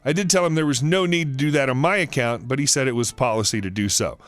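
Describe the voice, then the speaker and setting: A man narrating a reddit story in a steady storytelling voice. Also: mid-range voice, fast, dry recording.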